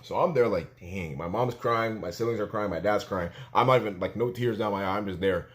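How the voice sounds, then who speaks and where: A young man from Canada telling a story in a casual vlog, animated and full of fillers, acting out what he said at the time. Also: on the low side, a little fast. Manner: animated storytelling, filler-heavy, acts out his own quotes. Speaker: vlogger.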